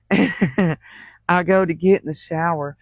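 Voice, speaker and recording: A woman's voice: lowish voice, steady tone, slow, no echo, rough recording. Drawling woman, laughing storyteller. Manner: laughs often while telling stories. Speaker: crafting channel host. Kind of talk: casual livestream storytelling.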